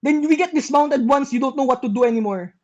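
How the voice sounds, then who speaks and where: A woman's voice: sits high, quick pace, a little mellow, dull audio. A young woman calling shots in game voice chat, repeating urgent commands with exasperation. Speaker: shotcaller.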